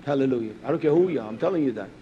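A man preaching a sermon, swinging between loud, rising exhortation and low, quiet storytelling. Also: animated, very fast, lo-fi sound, a little hiss or hum.

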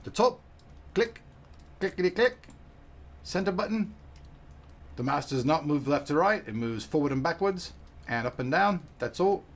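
A man doing a gruff pirate voice in a playful way while unboxing a product, with sound effects between his words. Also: a little high, lively intonation, normal speed, pauses often.

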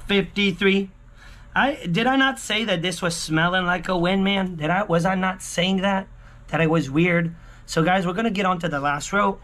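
A man vlogging a lottery scratch-off, talking excitedly to his viewers, repeating exclamations and swinging from hushed murmurs to yelling. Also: fairly high pitch. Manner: exclamatory, keeps repeating himself and calling out to viewers. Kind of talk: excited casual vlog commentary.

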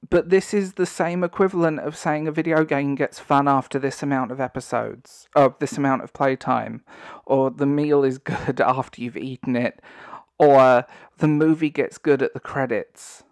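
A man's voice: medium pitch, fairly even intonation, normal speed, no echo, studio quality. A man giving ranting online commentary, sarcastic and exasperated, breaking into disbelieving laughter.

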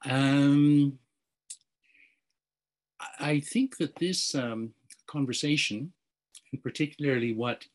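A man with a Canadian accent speaking as a panel speaker, halting and gently wry, with many fillers. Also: medium pitch, steady tone, poor audio. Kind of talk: panel discussion remarks.

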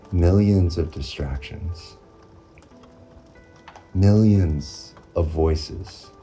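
Motivational vlogger, male, very low and dark voice, faint music underneath. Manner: earnest, repetitive, pausing often, drawn-out phrasing. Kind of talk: reflective motivational monologue.

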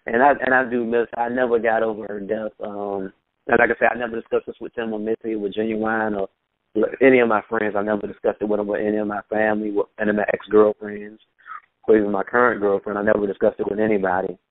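This interview guest speaks in a somewhat low, flat voice over a tinny phone connection with no room sound. He tells relaxed stories from memory, laughs occasionally, and mimics the voices of the people he describes.

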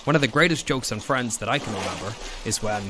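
A man's voice: lowish voice, fast, background noise. A man chatting casually and telling a rambling, joking story while streaming a game alone. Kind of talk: casual solo stream chat. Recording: game music playing behind.

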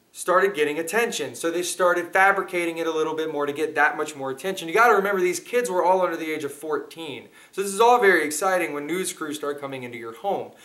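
A man's voice: a little high, a bit bright. A man hosting, telling a story to his viewers in an earnest, casual way. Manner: earnest, speaks straight to viewers. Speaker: host.

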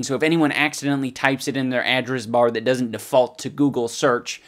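A young man hosting a comedy vlog, reviewing a product with crude, mocking sarcasm, swearing often and swinging between loud outbursts and muttered asides. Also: medium pitch, normal speed.

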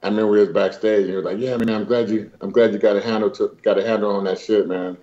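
A man's voice: lowish voice, quick pace. Laughing storyteller man, lo-fi sound. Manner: animated, laughing storyteller acting out dialogue with slang. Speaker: guest. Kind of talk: casual storytelling chat.

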